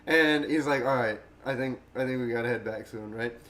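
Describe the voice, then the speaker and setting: A man's voice: medium pitch, fairly quick. A young man casually telling a long, wild story on a podcast, acting out what other people said and laughing often. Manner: animated, acts out quotes, laughs often. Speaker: guest storyteller.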